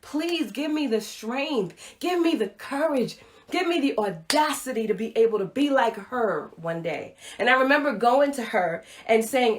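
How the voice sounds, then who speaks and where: A middle-aged woman giving a motivational livestream talk, telling a personal story with animated acted-out dialogue. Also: on the high side, normal speed. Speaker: motivational speaker. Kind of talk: Facebook Live talk to viewers.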